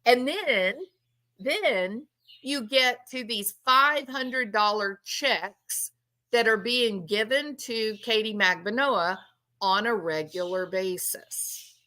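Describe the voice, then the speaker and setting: A woman's voice: medium pitch, slow pace, pushed and bright. A woman giving a casual true-crime commentary in a sarcastic, incredulous, emphatic manner.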